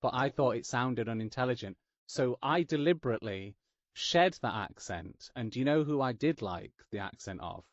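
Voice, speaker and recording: Medium-pitched and expressive, this podcast host from Yorkshire, England, speaks at a moderate pace in a casual interview. His neutral English accent has a slight Northern tinge, and he's chatty, joking, and self-deprecating. The sound is dull, lo-fi, and completely dry.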